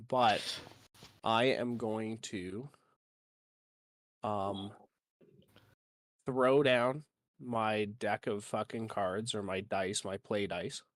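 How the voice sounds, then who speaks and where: Low-voiced man rambling as a game player. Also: fairly even intonation, extremely slow, long pauses, dry recording. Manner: rambling and swearing casually. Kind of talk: casual gaming chat.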